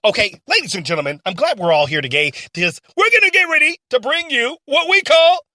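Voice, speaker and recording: A performer voicing a blustering male radio host who rants and yells at his sidekick. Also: sits high, sing-song, fast, no echo. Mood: ranting. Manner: ranting, yelling, blustery.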